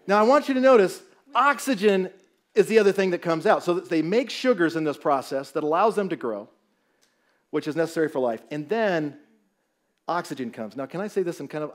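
A man with a notably high voice preaches to a church congregation, telling stories and joking with his listeners. He sounds middle-aged and speaks with lively, animated energy, and he is from Southern California. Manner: animated, storytelling, jokes with the audience. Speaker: guest pastor. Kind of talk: sermon with humor. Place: church sanctuary.

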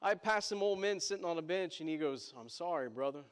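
A man's voice: high voice, fairly even intonation, brisk, clean tone, in a large hall. A male pastor telling a story in a sermon, chatty, with asides to the congregation.

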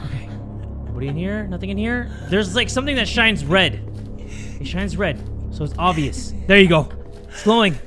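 A young man narrates his horror game run, loud and excitable, with a high, bright, forceful voice. He cracks crude jokes and yells in panic whenever something chases him. Faint music plays behind him. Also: a little fast. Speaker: gaming YouTuber. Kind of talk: horror game let's play commentary.

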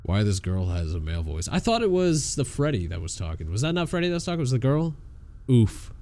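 A young man giving excitable live gameplay commentary, swearing and laughing as he reacts. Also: medium pitch, fast talker. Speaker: streamer.

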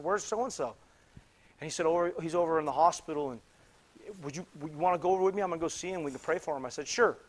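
High-voiced man preaching with restarts. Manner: animated, many restarts, rising to loud exclamations. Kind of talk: sermon storytelling. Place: church sanctuary.

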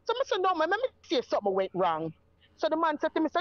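A woman's voice: sits high, wildly swooping pitch, very fast, no echo, dull audio. A woman with a Jamaican accent tells her own story in casual talk and acts out the voices of the people in it. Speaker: guest telling her story.

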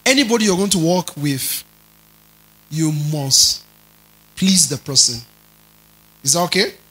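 A man preaching a teaching sermon, stretching and stressing key words, rising to loud emphasis and checking in with his listeners. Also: a little high, lively intonation, measured pace, rough recording. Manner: checks in with listeners, tells them to underline words.

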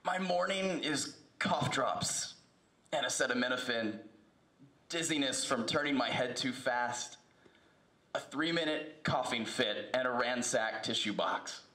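A man recites a poem slowly and deliberately, his voice bright and a little high. The room around him rings with echo. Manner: slow, measured recitation. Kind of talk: poetry reading.

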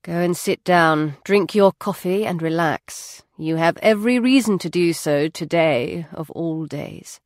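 A woman's voice: on the low side, a little slow, hardly any pauses, dry recording, clean studio sound, close to an everyday voice. A woman voicing a proud, guarded young businesswoman who speaks in a composed, clipped way in an audiobook.

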